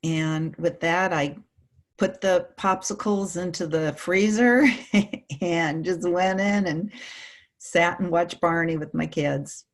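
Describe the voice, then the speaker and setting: Middle-aged woman, guest on an interview, lower voice, storytelling with feeling, acts out the voices of the people in her story. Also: takes it slowly. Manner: emotional, animated storytelling with quoted voices. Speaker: guest speaker.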